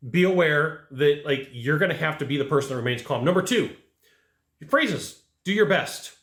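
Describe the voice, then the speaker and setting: Animated sales coach, roomy echo. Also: male voice, on the high side, normal speed. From California. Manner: animated, acts out customers' lines. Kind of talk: energetic coaching monologue.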